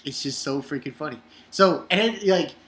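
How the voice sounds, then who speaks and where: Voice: medium pitch, normal speed, a bit bright. An anime reviewer recapping an episode in a rambling, casual way, swearing and using lots of fillers. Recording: roomy echo.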